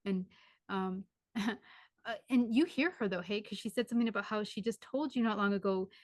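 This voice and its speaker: A woman's voice: medium pitch, normal speed, dry recording, clean studio sound. A woman working as a spiritual medium, giving a live reading over a video call in a rambling way full of "like" and restarts.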